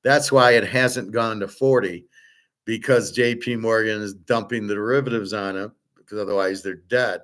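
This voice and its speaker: A man's voice: on the low side, fairly bright tone. A middle-aged man hosting a show, talking casually in a blunt, profane and exasperated way. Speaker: host. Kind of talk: casual ranting commentary.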